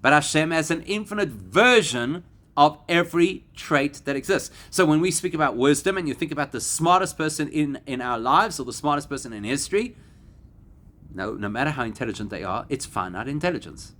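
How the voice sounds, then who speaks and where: A man, a rabbi, giving a Torah class to a live audience, animated and climbing to emphatic peaks. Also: a little high, fairly quick. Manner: animated, rising to emphatic peaks and acting out quoted voices.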